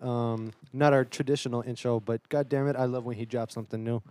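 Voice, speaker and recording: A man co-hosting a podcast, bantering loudly with laughs and swearing. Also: mid-range voice, steady tone, brisk, dry recording. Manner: loud, laughing, rambling banter with profanity. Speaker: podcast co-host. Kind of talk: casual chat.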